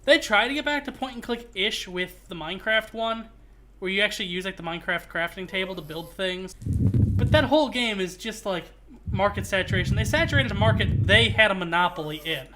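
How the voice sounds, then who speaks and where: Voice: medium pitch, fairly quick, a little hiss or hum. A streamer chatting casually while playing a game, rambling and joking. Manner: rambling, animated, jokey. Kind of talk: casual gaming stream chat.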